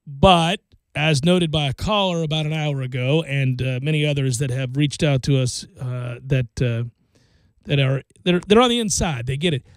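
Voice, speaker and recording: Wry, chatty sports radio host. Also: male voice, a little high, moderate pace, dry recording. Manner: wry, chatty, offhand asides. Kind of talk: casual sports talk. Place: radio studio. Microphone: studio microphone.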